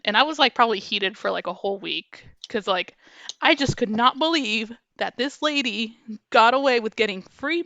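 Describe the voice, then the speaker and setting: A woman's voice: on the high side, no room sound. A woman co-hosting a podcast, telling a story in a heated, swearing, casual way. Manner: heated, swearing, animated retelling. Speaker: podcast co-host. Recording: dull lo-fi podcast recording.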